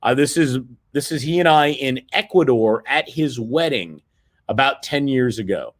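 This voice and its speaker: A man's voice: mid-range voice, lively intonation, normal speed. A middle-aged man giving a motivational sales seminar, persuading the audience and checking in with frequent "right?" tag questions. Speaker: seminar presenter.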